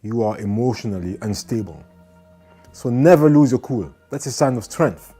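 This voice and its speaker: With faint music behind him, a motivational speaker delivers an earnest talk in a medium-pitched, slightly rough voice with lively intonation at normal speed. He repeats phrases to drive points home and sometimes impersonates angry people shouting.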